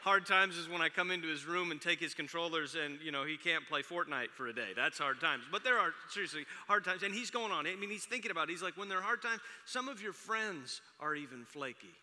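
A man's voice: on the high side, expressive, quick pace, few pauses, sharp tone. A man in his forties preaching a sermon, telling chatty, self-deprecating stories about his family. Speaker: pastor. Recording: long reverb of a large hall.

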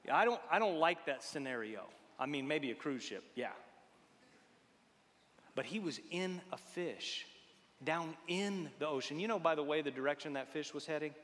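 A preacher with a high, bright voice delivers a folksy, joking sermon. He swings from loud exhortation down to hushed tones, and his voice rings through a reverberant church hall. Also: lively intonation, normal speed.

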